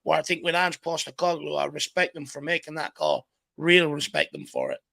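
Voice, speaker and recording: A man's voice: on the high side, brisk, vocal fry, pushed and bright, dry recording. An Irish man hosting a casual football chat, earnest and repeating words as he builds his points. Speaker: host.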